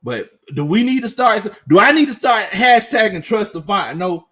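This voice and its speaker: A man's voice: high-pitched, animated, normal speed, fairly bright tone, slightly rough. A young man hosts a casual sports live stream. He reads chat comments aloud, laughs often and talks in loose, slangy fashion.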